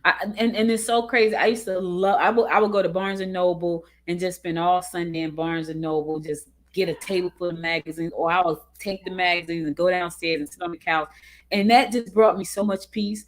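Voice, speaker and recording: A woman's voice: lowish voice, brisk. A woman hosting a talk show, chatting casually and telling stories with lots of laughter. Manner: laughing, animated storytelling. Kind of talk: casual chat.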